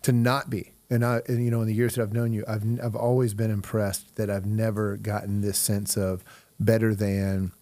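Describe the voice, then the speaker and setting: A man's voice: lowish voice, little pitch movement, normal speed, warm tone. A middle-aged man hosting an interview, telling stories with chuckles and searching phrasing. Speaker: host, youth leader. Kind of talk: casual interview chat.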